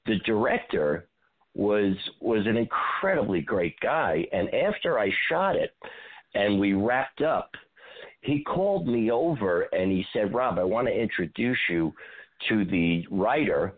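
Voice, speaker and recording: A man, an actor, telling animated show-business stories as a radio guest and acting out what people said. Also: lowish voice, a little slow, breathy edge, phone-quality sound. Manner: animated storyteller, acts out quotes.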